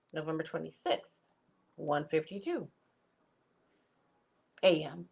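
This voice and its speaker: A woman's voice: low voice, expressive, moderate pace, a bit bright. A woman doing a comic dramatic reading, dropping wry, chatty asides in a casual way. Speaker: comic reader.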